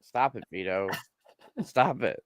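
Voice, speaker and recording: A man's voice: lowish voice, slow, no echo, studio quality. A man co-hosting a podcast, chiming in with exasperated interjections and swearing. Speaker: podcast co-host. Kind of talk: casual chat.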